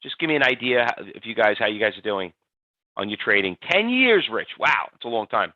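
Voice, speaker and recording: A man hosting a live trading webinar, talking in an energetic, chatty way and reading out audience answers by name. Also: lowish voice, a little fast, dry recording. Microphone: computer mic on a webinar stream. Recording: dull, slightly lo-fi webinar audio, dry.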